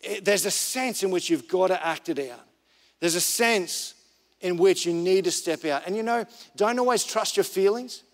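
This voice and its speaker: High-voiced pastor in a hall. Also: male voice, normal speed. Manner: casual and conversational, repeats phrases. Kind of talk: sermon.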